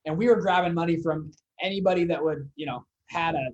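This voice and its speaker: A young man, a fund founder, telling his story as a podcast guest in a casual, animated way with laughs and fillers. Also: on the high side, a little fast, muffled recording, slight background noise.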